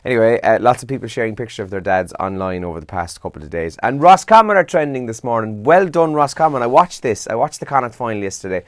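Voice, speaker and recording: A man's voice: medium pitch, big pitch swings, quick pace, hardly any pauses, dry recording, studio quality. A young Irish man hosting a breakfast radio show, reading the morning papers and chatting casually, tired and yawning. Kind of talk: casual newspaper and trends roundup.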